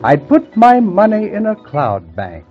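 Slow sing-song rhyming poet. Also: male voice, high voice, wildly swooping pitch, heavily acted. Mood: reciting. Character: whimsical rhyming male poet. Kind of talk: 1940s radio acting. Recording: muffled old radio recording with music.

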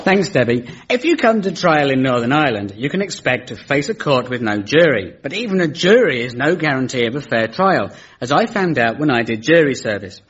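A man's voice: mid-range voice, sing-song, brisk, hardly any pauses, fairly bright tone, breathy edge. A man hosting a comedy show, delivering a dry, mock-formal satirical lecture with sarcastic punchlines. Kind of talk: scripted satirical stand-up lecture. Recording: dull lo-fi broadcast recording.

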